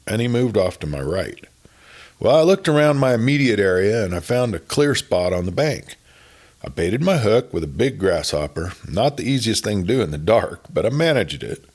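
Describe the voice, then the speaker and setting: A man narrating a spoken story in a folksy, unhurried way. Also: fairly low pitch, sing-song, darkish tone, slightly rough. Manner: folksy, unhurried, starts sentences with "well".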